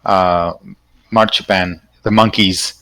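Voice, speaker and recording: A man narrating a tabletop game as game master, halting and stumbling through his descriptions. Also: deep voice, steady tone, bright, forceful tone. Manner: halting, full of fillers and restarts.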